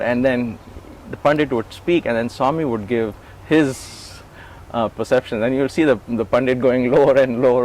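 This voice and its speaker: A man's voice: medium pitch, moderate pace, slight background noise, poor audio. A middle-aged man in an interview, recalling his years as an assistant and acting out the dialogue as he tells it. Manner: animated, acts out quoted dialogue. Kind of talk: conversational storytelling interview.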